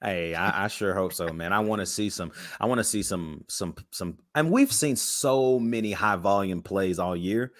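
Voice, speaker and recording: Guy hosting a sports pod, deep-ish voice, dry mic, all hyped up and slangy. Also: normal speed, few pauses, no echo. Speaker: podcast co-host. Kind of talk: casual sports chat.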